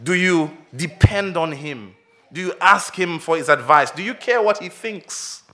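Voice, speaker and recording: Bright and expressive, this male pastor tells a story as part of a children's sermon, his high voice unhurried as it rises and falls in volume and tempo. He keeps asking his listeners direct questions.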